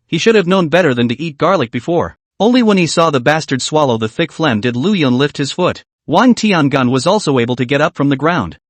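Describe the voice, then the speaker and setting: Lively man narrating a comic recap. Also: a little high, no room sound.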